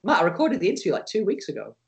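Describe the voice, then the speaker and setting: Man co-hosting a chat podcast over a video call, a little high-pitched, teasing and quick to laugh. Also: wildly swooping pitch, gravelly. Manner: joking, teasing, laughs often. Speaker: podcast co-host. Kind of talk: casual chat. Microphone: Skype call.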